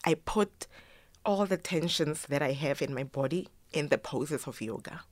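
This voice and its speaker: A choreographer and yoga teacher, here a guest, is a middle-aged woman recounting a personal story with emotion, mimicking the voices of those she quotes and dropping in Zulu phrases. She speaks at a normal speed in a deep voice, and the recording is dry.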